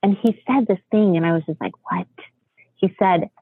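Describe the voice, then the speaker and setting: A middle-aged woman from the United States, a podcast guest, telling a story in an animated way and acting out quotes. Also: lowish voice, moderate pace, breathy edge, dry recording. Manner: animated, acts out quotes with laughs. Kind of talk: storytelling interview chat. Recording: phone-like narrow line.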